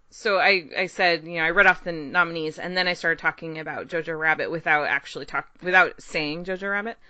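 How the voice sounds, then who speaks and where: A woman co-hosting a podcast, telling a long, excited story in casual chat, rambling and laughing often. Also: lowish voice, no echo, muffled recording. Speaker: podcast co-host.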